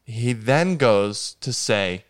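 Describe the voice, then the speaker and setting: A man telling a funny true story in a deadpan, casual way. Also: mid-range voice, extremely slow. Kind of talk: casual spoken anecdote.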